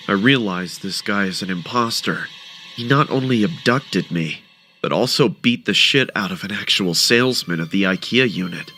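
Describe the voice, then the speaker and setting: A man narrating a first-person horror story with a dramatic, expressive delivery. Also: deep voice, normal speed, soft background music.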